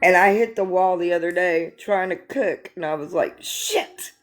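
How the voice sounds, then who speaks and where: A woman's voice: on the low side, moderate pace, faint music behind. An older woman hosting a live stream, telling stories with laughter and swearing in a casual chat. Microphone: phone or computer for live stream.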